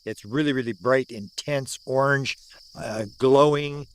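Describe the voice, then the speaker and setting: The speaker is an older Canadian UFO researcher in his sixties, recounting a sighting at the outdoor site. He talks a little slowly in a clear, resonant, medium-pitched voice. In lively storytelling fashion, he repeats words for emphasis and acts out people's lines.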